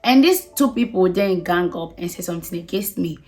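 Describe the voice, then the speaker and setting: Woman vlogger, chatty emphatic advice, repeats herself, laughs a lot, soft music behind. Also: lowish voice, animated, fairly quick. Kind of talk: casual advice vlog.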